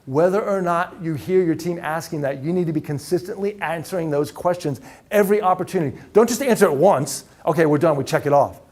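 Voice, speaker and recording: A man presents a live leadership session in a conference room, his voice sitting fairly high for a man. He speaks with energy and keeps turning to the audience with questions. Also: a little fast, a little mellow. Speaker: keynote speaker. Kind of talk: live leadership workshop talk.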